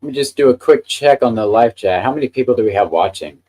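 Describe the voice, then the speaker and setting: A man's voice: mid-range voice, expressive, quick pace, dark tone. A man hosting a casual live stream, chatting with enthusiasm about the printer he is handling. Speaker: livestream host.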